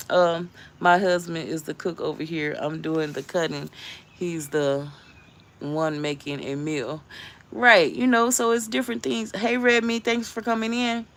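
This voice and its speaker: A woman's voice: medium pitch, slight background noise. A woman vlogging from her home garden, telling a rambling story to her viewers and laughing often. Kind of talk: casual storytelling chat.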